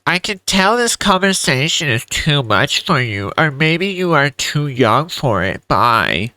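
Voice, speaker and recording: A man's voice: fairly high pitch, very animated, a little slow, bright, forceful tone, no echo, pitched above the performer's own voice, full character voice. A man putting on the voice of a nerdy, condescending male game developer. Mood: smug. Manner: condescending, nasal nerd voice.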